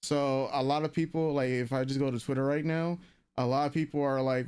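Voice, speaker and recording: A man's voice: medium pitch, steady tone, normal speed, darkish tone, clean tone. A man co-hosting a live anime commentary stream, rambling casually with lots of fillers and restarts.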